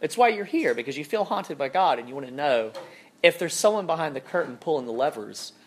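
A man's voice: a little high, animated, brisk. A young man preaching a conversational sermon full of rhetorical questions. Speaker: pastor.

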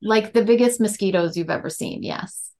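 A woman's voice: mid-range voice, normal speed, warm tone. Upbeat woman author chatting. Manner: upbeat, laughs often. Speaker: guest author. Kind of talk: casual interview chat.

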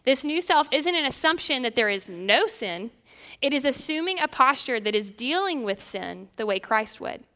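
A young woman with a Southern accent teaching a women's Bible study in an earnest, measured way, reading scripture aloud. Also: high-pitched, very animated, sharp tone.

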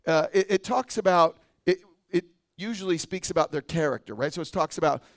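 A man's voice: on the high side, a little fast, dry recording, studio quality. A man preaching a sermon as pastor, talking conversationally and often checking in with a "right?". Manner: conversational, asks the congregation and adds "right?". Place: church sanctuary.

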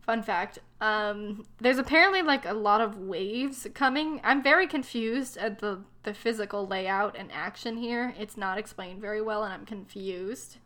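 A young woman in casual chat, retelling a book plot with sarcastic, animated mocking voices. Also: mid-range voice, measured pace, hardly any pauses. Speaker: book discussion co-host.

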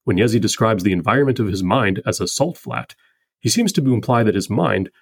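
A man hosting a podcast who reads a scripted poetry analysis in a measured, methodical way. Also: on the low side, big pitch swings, vocal fry, slightly rough. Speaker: podcast host.

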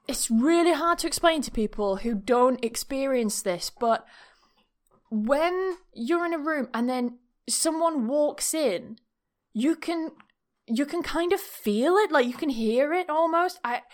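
A young woman hosting a podcast, chatting casually through a spooky story, laughing often and swearing freely. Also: sits high. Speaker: podcast host.

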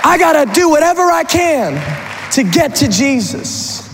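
A man's voice: extremely high pitch, sing-song, a little slow, a crowd in the background, noisy background, pitched above the performer's own voice, heavily acted. A man preaching, voicing Simon Peter as an impulsive, remorseful grown man who stammers earnestly. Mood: urgent. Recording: long hall reverb.

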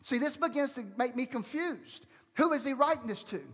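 High-voiced pastor preaching in a reverberant hall. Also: male voice, moderate pace. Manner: emphatic, rhetorical questions to the congregation. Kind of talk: sermon.

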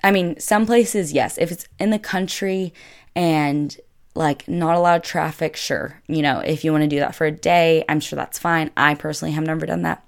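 Low-voiced young woman. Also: fairly even intonation, normal speed, creaky. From United States. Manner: chatty, filler-heavy with constant "like". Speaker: vlogger. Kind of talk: casual storytelling.

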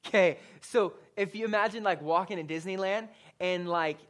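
A man's voice: high voice, normal speed. Man preaching a casual, conversational sermon. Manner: conversational, animated storytelling with frequent "like" and "right?". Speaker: pastor.

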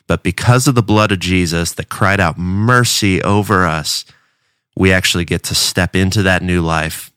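A man's voice: low-pitched, a bit bright, clean tone, no room sound, studio quality. A man from a church giving a casual devotional talk, earnest and conversational, often restarting his words.

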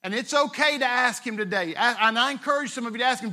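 A man's voice: extremely high pitch, fast talker, sharp tone. A male pastor, preaching a sermon in a conversational way, retelling scripture with playful asides.

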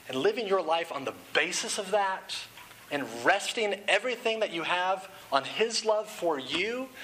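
A man in his thirties preaches a sermon in a bright, forceful voice, pitched a touch high. He tells stories casually, with restarts, then builds to an earnest exhortation. A faint hiss sits under the recording. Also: poor audio. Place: room with an audience.

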